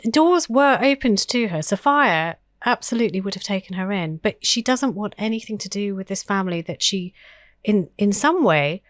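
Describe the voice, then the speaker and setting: A woman's voice: medium pitch, expressive, normal speed, dry recording, studio quality. A woman co-hosting a history podcast, talking in an earnest, thoughtful way with frequent fillers and restarts. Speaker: podcast co-host.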